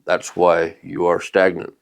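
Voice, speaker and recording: Low-pitched guy, motivational coach vibe, talks right to the audience. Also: completely flat delivery, unhurried, gravelly. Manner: coaching, speaks straight to listeners. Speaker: podcast co-host and life coach. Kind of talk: motivational talk.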